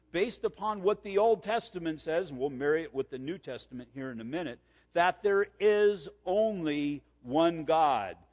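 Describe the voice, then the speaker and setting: A man preaching a sermon and reading scripture aloud, emphatic, repeating key points and slowing down for verses. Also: a little high, in a large hall. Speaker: pastor.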